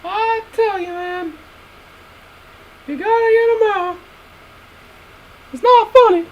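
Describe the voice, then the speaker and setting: A shrill, squeaky ranting voice, as a man puts it on for a laugh. It spills out breathlessly, looping back to the same complaint over and over in a comedic stream rant. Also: slow pace, lo-fi sound, slight background noise. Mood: indignant. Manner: rants breathlessly, repeats himself.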